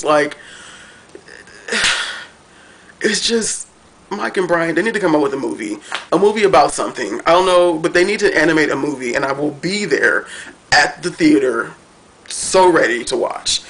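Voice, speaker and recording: A man excitedly reviewing a cartoon finale at home, gushing and rambling with lots of fillers. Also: fairly high pitch.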